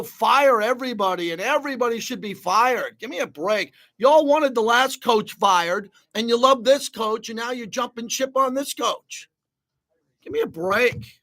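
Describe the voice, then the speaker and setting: A man's voice: extremely high pitch, bright, forceful tone. A man hosting a sports talk radio show, ranting bluntly and with heat.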